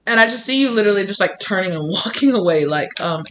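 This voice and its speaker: Blunt, bright-voiced tarot reader. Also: mid-range voice, animated, fast. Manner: blunt and profane, acts out quoted people. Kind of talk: casual tarot reading to camera.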